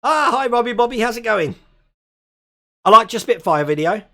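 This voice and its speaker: A man's voice: extremely high pitch, animated, normal speed, bright, forceful tone. A man in his forties from England, hosting a live stream and chatting casually while reading viewer comments, laughing often. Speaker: host.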